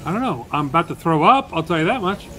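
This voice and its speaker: A man giving casual, joking commentary while playing a video game, with excitable outbursts. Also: a little high, quick pace, a little hiss or hum. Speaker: gaming streamer.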